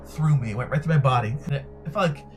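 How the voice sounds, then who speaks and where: Middle-aged male interview guest, animated storyteller who acts out dialogue, light music underneath. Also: mid-range voice, quick pace. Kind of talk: recounting a personal story.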